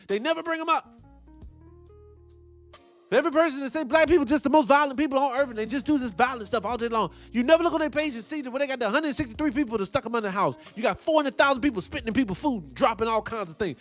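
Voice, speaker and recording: A man hosting a morning talk show, ranting in a fired-up, animated, profane way. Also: extremely high pitch. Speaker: host. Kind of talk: commentary rant.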